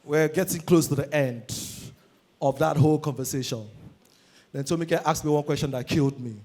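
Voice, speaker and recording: A Nigerian man doing stand-up comedy, energetic and shouting his punchlines. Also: a little high, moderate pace.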